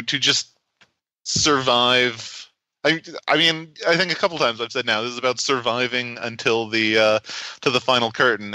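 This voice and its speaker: A man's voice: medium pitch, pushed and bright, no echo, rough recording. A man, a game designer, explaining his tabletop game in a podcast interview, thoughtful and full of restarts.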